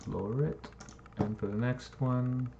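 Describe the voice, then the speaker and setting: A man's voice: mid-range voice, fairly even intonation, a little slow, creaky, mellow. A man building a game map and thinking aloud in casual, rambling commentary, swearing now and then. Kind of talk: casual screen-recording commentary. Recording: dull lo-fi mic with faint noise and typing.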